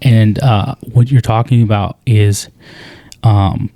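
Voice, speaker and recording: A man co-hosting a podcast, talking earnestly in a casual conversation, with many halting restarts. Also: fairly low pitch, fairly even intonation, mellow, no room sound. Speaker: podcast co-host.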